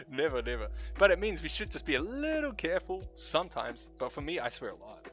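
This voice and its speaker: A young New Zealand man with a New Zealand accent hosts a loose late-night stream chat. His voice sits on the higher side, with faint music behind him. He cusses casually and laughs a lot while he philosophizes. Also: sing-song, a little fast, a bit bright. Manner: swears freely, laughs often, philosophical. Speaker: stream host.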